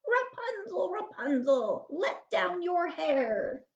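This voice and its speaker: A woman voicing a cross, bossy wicked witch who scolds and calls out slowly. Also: extremely high pitch, sing-song, vocal fry, pitched above the performer's own voice, heavily acted. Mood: calling. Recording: dull lo-fi recording.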